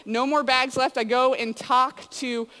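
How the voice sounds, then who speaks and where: A woman's voice: sits high, steady tone, unhurried, bright, forceful tone. A woman giving a casual sermon to students, telling stories in a chatty way full of "like" and "you know". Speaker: youth speaker. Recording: long hall reverb.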